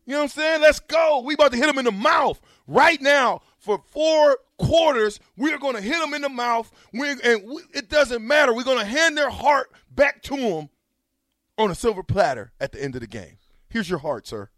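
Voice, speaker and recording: A man hosting a sports talk show, mocking a clip with laughter and loud asides. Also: very high-pitched, animated, moderate pace, no echo, clean studio sound.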